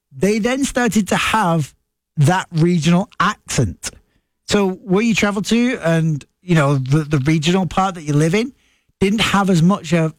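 High-voiced man. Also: no room sound. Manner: chatty, with frequent restarts and asides. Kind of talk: casual explanatory talk to camera.

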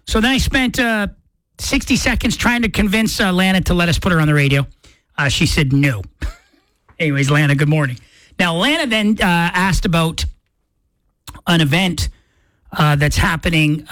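A man hosting a morning radio show, telling a story in an excitable, chatty way and acting out the quotes. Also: a little high, moderate pace, pauses often, dry recording. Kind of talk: casual radio chat. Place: radio studio. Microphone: studio mic.

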